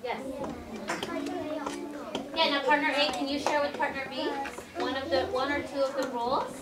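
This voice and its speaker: A woman teaching first graders, giving slow, clear instructions to the class. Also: high-pitched, fairly even intonation. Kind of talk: classroom lesson. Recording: echoey classroom, distant mic, noisy.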